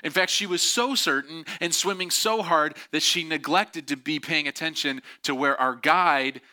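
A man telling a story in a lively way, acting out the voices of the people in it. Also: fairly high pitch, moderate pace. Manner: animated, acts out quoted voices. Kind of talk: storytelling talk.

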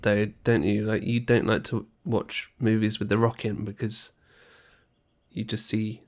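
A man's voice: lowish voice, flat delivery, a little slow, a little mellow. A man co-hosting a casual chat, teasing his partner and asking questions. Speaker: podcast co-host.

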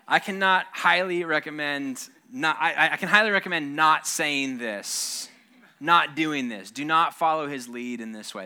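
A man's voice: a little high, bright, forceful tone. A man in his thirties preaching a sermon, conversational and humorous, often restarting his sentences and speaking straight to the congregation. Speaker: pastor.

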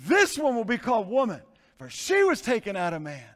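Male pastor, high voice, animated sermon delivery, reverberant church hall. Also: a little fast. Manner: animated preaching, swinging from hushed to shouting. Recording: long reverb of a large hall.

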